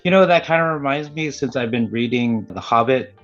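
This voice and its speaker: A man of middle pitch chats easily as a podcast co-host, trading family news and reading notes with his partner. His sound comes through a little dull and low-fi, with faint music underneath. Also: fairly quick, fairly bright tone. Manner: chatty, easygoing, hesitant fillers. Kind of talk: casual chat.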